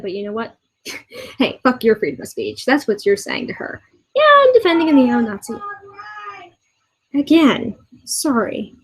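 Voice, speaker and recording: Exasperated young woman ranting, halting. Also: on the high side, a little mellow, rough recording. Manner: exasperated, halting with many restarts, swears often. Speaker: vlogger. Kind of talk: ranting commentary video. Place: a room in her boyfriend's house.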